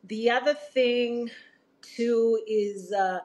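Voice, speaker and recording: A woman's voice: a little high, extremely slow. Reflective middle-aged Zambian-born woman. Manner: reflective, laughs often, warm testimony. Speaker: guest. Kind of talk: casual interview.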